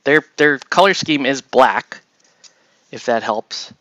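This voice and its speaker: A man's voice: medium pitch, animated, slow pace, pushed and bright, no echo, poor audio. A man hosting a casual chat while assembling miniatures, rambling and chuckling as he trails off and restarts. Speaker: host.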